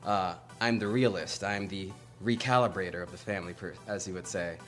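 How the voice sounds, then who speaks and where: A man's voice: deep voice, a little fast, fairly bright tone, faint music behind. A young man from the United States, a singer and performer, introducing himself in a wisecracking, playful promo interview.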